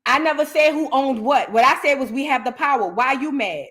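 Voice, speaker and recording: A woman's voice: sits high, brisk, a bit bright. An American woman hosting a reaction show, giving heated commentary on viewer comments and repeating her lines for emphasis. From United States.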